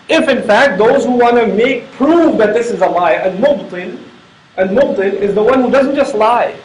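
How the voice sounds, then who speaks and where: A man's voice: sits high, roomy sound, poor audio. A middle-aged man giving a Quran lecture, explaining points with repeated emphasis and acting out quoted dialogue. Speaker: Islamic speaker.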